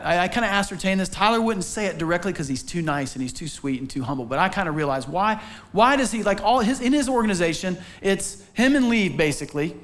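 A man preaching a sermon from a church stage, telling a story with animated, acted-out quotes. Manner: animated storytelling, acts out quotes with sudden pitch jumps. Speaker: pastor.

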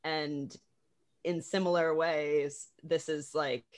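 Low-voiced woman chatting animatedly about theater. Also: slow. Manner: animated, laughs often, many fillers and restarts. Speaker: theater practitioner discussing a production. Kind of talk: casual conversation about a play.

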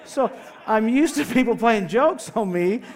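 An older man preaching a sermon, telling stories with animated voice swings between loud and soft. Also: extremely high pitch, measured pace.

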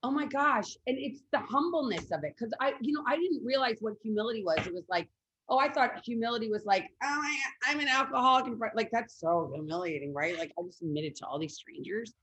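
A woman hosting a casual conversation, animated and swearing freely. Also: a little high, fast talker, slight background noise, low-quality recording.

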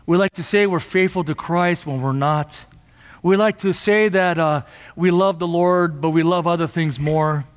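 A man preaching a sermon in a church, impassioned and at times rising to near shouts. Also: fairly high pitch, moderate pace, long reverb tail. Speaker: pastor.

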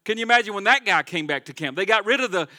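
High bright-voiced fervent preacher man. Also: animated, racing. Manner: fervent preaching that swings between loud declarations and quiet asides. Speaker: pastor. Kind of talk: sermon. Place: church sanctuary.

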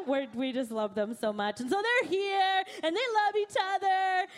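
Young woman pastor, high voice, animated storytelling sermon, acts out her own quotes. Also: moderate pace, hardly any pauses, crowd noise.

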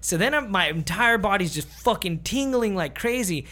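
A young man telling a long story in casual, profane podcast chat, animated and slipping into quoted voices. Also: high-pitched, moderate pace. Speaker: podcast host.

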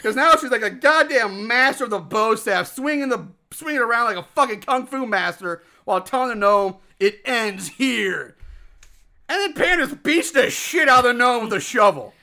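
A man co-hosting a podcast, loudly recapping a bad movie in a profane, ranting casual style. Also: very high voice, expressive, fairly quick, hardly any pauses. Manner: loud, ranting, swears a lot. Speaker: podcast co-host.

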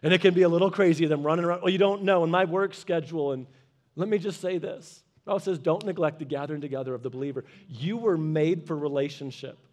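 A man's voice: on the high side, quick pace, a little mellow. A man preaching a sermon as a pastor, weaving in a personal story and urging listeners with short repeated commands.

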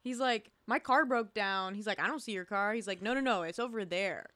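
A woman's voice: mid-range voice, fairly quick, pushed and bright, no echo. A young woman co-hosting a podcast, casually chiming in on a movie recap with blunt, profane remarks. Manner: interjecting, blunt, swears a lot. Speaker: podcast co-host.

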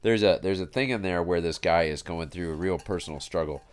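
A man's voice: deep voice, fairly quick, clean tone. A man hosting a podcast, talking in a rambling, folksy way with frequent restarts. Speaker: podcast host. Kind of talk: casual conversation.

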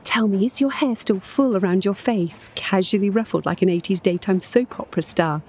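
An actress in an audio drama playing a lonely, obsessive middle-aged woman who fixates on a stranger, talking in a hushed, dreamy, intimate way and sometimes whispering. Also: medium pitch, normal speed, slight background noise, natural voice. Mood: dreamy, infatuated.

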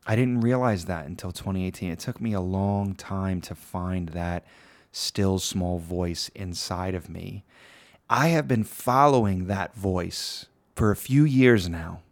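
Earnest low-voiced man hosting a podcast. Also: a little slow. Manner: earnest, repeats phrases for emphasis. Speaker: podcast host. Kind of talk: reflective solo podcast monologue.

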